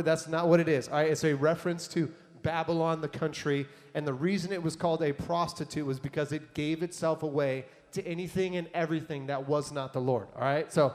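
A man preaching a sermon in a conversational, animated way, reading scripture and adding casual asides to his audience. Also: on the high side. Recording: long hall reverb.

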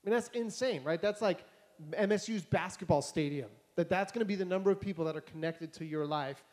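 Young guy pastor, kinda high voice, casual storytelling sermon, acts out the convos. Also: brisk. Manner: conversational, animated, acts out dialogue. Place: church hall before a congregation.

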